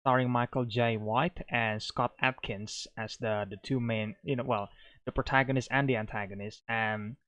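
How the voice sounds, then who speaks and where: A man reviewing a film in a loose, unscripted way, rambling and filling every pause with small filler phrases. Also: mid-range voice, steady tone, a bit bright, no room sound. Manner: rambling, fills pauses with "you know" and "like". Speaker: movie reviewer.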